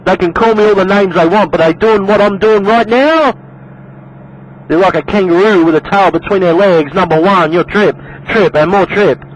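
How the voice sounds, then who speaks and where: High-voiced Australian man on CB radio. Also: normal speed, lo-fi sound. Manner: repetitive, calls everyone man. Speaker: CB radio operator. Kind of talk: casual CB radio chat. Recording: noisy radio skip.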